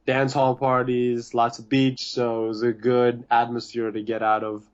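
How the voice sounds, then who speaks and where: A young man who is a podcast guest, talking in a relaxed, easygoing way with plenty of hesitations. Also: medium pitch, normal speed. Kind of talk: casual chat. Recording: slightly dull, lo-fi sound.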